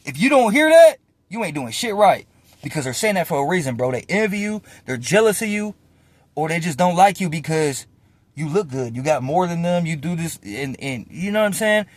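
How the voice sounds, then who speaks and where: A man's voice: a little high, expressive, a little fast, dry recording. A man in his twenties, ranting casually and profanely to the camera from inside a parked car, tossing in slang and "bro". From United States. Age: 20s. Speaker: vlogger.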